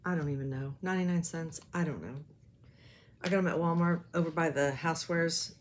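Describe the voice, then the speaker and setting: Speaking fairly quickly in a deep voice, a woman shows off her stitching projects in a casual, rambling chat, poking fun at herself and saying um a lot. She's a cross-stitch vlogger, and there's slight background noise.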